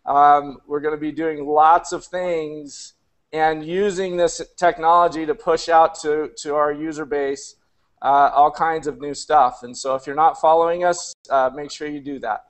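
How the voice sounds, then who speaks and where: A man organising an online hangout, making brisk promotional announcements. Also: a little high, fairly even intonation.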